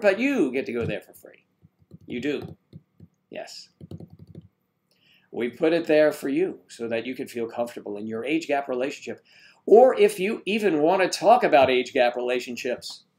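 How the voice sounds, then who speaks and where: A man's voice: medium pitch, sing-song, normal speed, pauses often, a little mellow. A man hosting a casual live stream, rambling and joking as he greets viewers and reads their comments aloud.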